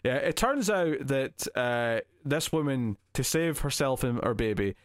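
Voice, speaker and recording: During a relaxed film review chat, this podcast co-host retells the movie with energy, voicing the characters as he acts out scenes. He speaks at medium pitch and a little slowly, recorded cleanly in a studio without echo.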